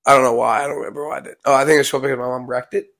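A man's voice: medium pitch, steady tone, very fast, fairly bright tone. A young man telling a personal story in a casual vlog. He rambles and keeps repeating "I was like.". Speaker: vlog co-host.

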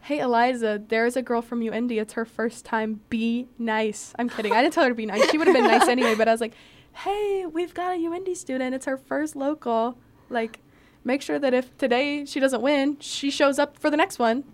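A woman's voice: on the high side, fairly even intonation, fairly quick. Bubbly, chatty young woman host. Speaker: podcast host. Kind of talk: casual chat.

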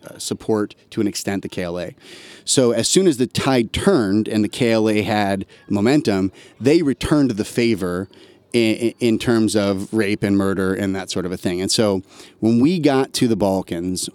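A man's voice: fairly low pitch, a little mellow, clear, resonant tone, no echo. A man, an army veteran guest on a podcast, telling a long story in a loose, slangy, conversational way. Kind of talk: casual storytelling chat.

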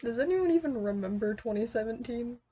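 A woman's voice: fairly high pitch, lively intonation, fairly quick, dark tone, breathy edge, dull audio. A young woman co-hosting a podcast, teasing her friend, swearing and giggling often. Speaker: podcast co-host. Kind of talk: casual chat.

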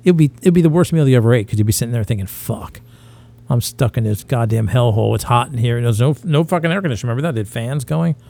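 A man's voice: mid-range voice, lively intonation, rapid-fire, few pauses, dark tone. A man in his fifties telling rambling, profane stories in casual podcast chat, slipping into impressions. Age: 50s. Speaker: podcast co-host.

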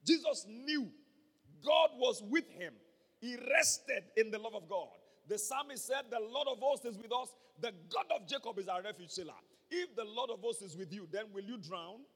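A high-pitched, husky Nigerian man preaching as a pastor, hammering home key phrases and calling for amens. His voice rings with the long reverb of a large church hall. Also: animated, normal speed, fairly bright tone. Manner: emphatic, repeats key phrases, calls for amens. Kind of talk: sermon.

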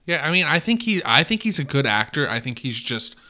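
A man's voice: on the high side, big pitch swings, a little fast, sharp tone. A man co-hosting a podcast, chatting casually and animatedly about a movie, swearing and acting out quotes. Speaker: podcast co-host. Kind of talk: casual movie review chat.

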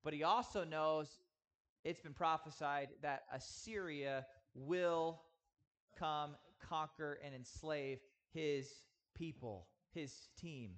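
Man, 30s, pastor delivering a sermon; slightly high voice, earnest and emphatic. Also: fairly bright tone. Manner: earnest, emphatic with slow drawn-out stresses. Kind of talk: sermon teaching.

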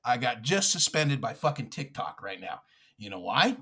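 A man's voice: mid-range voice, sing-song, moderate pace, bright, forceful tone, slightly rough. A man hosting a podcast, delivering a furious, profane political rant with mocking asides. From United States. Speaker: podcast host.

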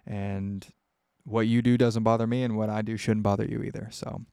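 A young man hosts his own podcast, talking straight into a close microphone in a dry, dead room. His voice sits low with a gravelly edge, and he rambles candidly, full of fillers and restarts. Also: little pitch movement, normal speed, dark tone, no room sound. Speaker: podcast host answering listener questions. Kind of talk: casual solo podcast.

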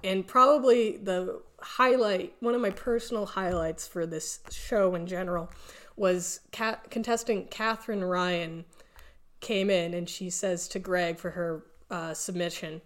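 A woman's voice: on the low side, steady tone. A young adult woman co-hosting a casual podcast, talking with enthusiasm and laughing easily. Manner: enthusiastic, gushing, quick to laugh. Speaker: podcast co-host.

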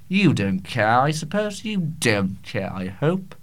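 A man's voice: mid-range voice, big pitch swings, slow. A man hosting a podcast in a casual solo Q&A, rambling and self-mocking with frequent stammers and swearing, in a small home studio. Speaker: podcast host.

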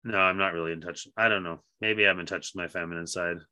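A man's voice: low voice, fairly even intonation, fast, pushed and bright, smooth, dry recording. A man in his thirties co-hosting a podcast, talking in a laid-back way, laughing often and swearing casually. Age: 30s. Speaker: podcast co-host.

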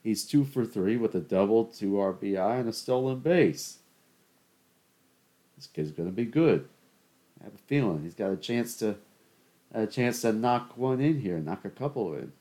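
A podcast host from the suburban Southern US rants sarcastically on his solo show, giving joking play-by-play while he watches a game. His voice is mellow and fairly low, with lively intonation, normal speed and long pauses.

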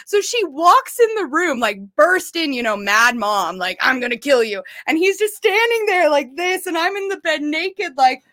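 A woman's voice: very high voice, normal speed, few pauses, no room sound, clean studio sound. A woman casually telling a profane story on a podcast, acting out the quotes. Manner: animated, acts out quotes, laughs often.

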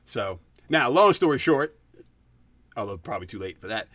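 A man co-hosting a chat show, telling a dating story in a casual way and acting out quotes with big jumps in pitch. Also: very animated, moderate pace, fairly bright tone, no room sound. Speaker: podcast co-host.

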